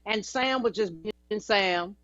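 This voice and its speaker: A woman's voice: medium pitch, slow pace, a bit bright, dry recording, faint music behind. A woman guest, a singer and actress, telling chatty, anecdotal stories in an interview. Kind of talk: storytelling interview. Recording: dry, dull lo-fi audio.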